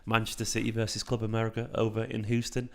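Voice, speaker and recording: A man putting on the voice of a soft-spoken male ASMR sports presenter in a whispered role-play, with a raspy voice. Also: on the low side, completely flat delivery, fast talker. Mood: mock-soothing.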